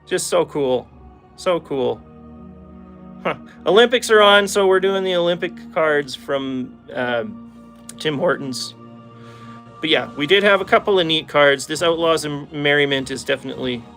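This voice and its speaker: Relaxed, chuckling Albertan guy opening cards. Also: on the high side, unhurried, soft background music. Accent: Albertan Canadian English. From Calgary, Canada. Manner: laid-back, chuckles often, talks to chat viewers. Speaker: card-opening YouTuber. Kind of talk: casual pack-opening chat.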